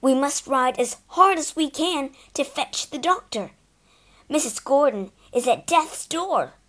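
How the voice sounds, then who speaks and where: A woman voicing a kind, steady male groom in a storybook, speaking earnestly and encouragingly. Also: high voice, a little slow. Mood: urgent. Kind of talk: storybook reading.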